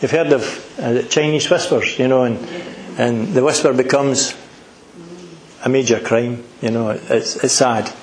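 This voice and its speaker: A man's voice: mid-range voice, a little slow, reverberant. A middle-aged Scottish man preaching a sermon, earnest and emphatic, asking the congregation questions.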